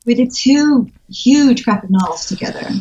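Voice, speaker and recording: A woman in her thirties, a children's book illustrator, chatting as a guest and acting out quoted lines with lively laughter. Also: normal speed, roomy sound, muffled recording. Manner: animated storytelling, acts out quotes with big pitch jumps and laughter. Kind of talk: casual interview chat.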